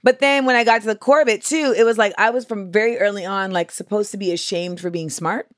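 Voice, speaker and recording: A woman's voice: medium pitch, fast, dry recording. Candid woman podcast host, dry sound. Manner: candid, rambling, expressive. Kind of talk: casual chat.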